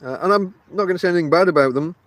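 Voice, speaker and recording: Racing along in a high-pitched voice, this Barnsley podcast host rambles through a casual monologue from inside a tent, the recording dry. His Northern English accent comes with a chatty manner, direct address to listeners, and frequent fillers.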